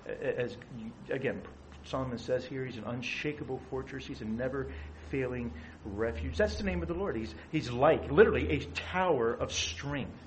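Middle-aged male pastor, chatty teaching sermon, even mid pitch, slight background hiss. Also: normal speed, low-quality recording. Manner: conversational, asks the audience questions.

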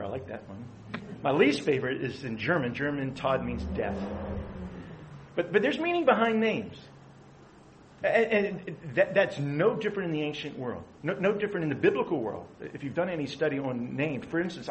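A man's voice: on the high side, very animated, moderate pace, a little hiss or hum, rough recording. Man preaching a conversational sermon. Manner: conversational, asks the audience questions. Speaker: pastor.

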